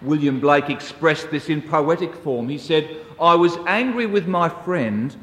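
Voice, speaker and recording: A man preaches a sermon at an unhurried pace, his fairly high voice telling stories in a measured way. The sound rings with long reverb, as if from a large hall heard at some distance. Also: lively intonation, fairly bright tone. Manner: slow, measured storytelling. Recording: echoey hall, distant mic.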